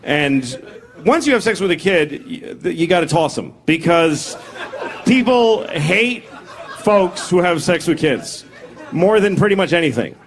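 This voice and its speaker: A man in his forties working a stand-up set on stage, his voice sitting a little high for a man. He talks bluntly and crudely, making fun of himself. A live crowd roars with laughter around him. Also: big pitch swings, measured pace. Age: 40s. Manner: blunt, crude, self-deprecating storytelling. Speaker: stand-up comedian. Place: comedy stage before a live audience.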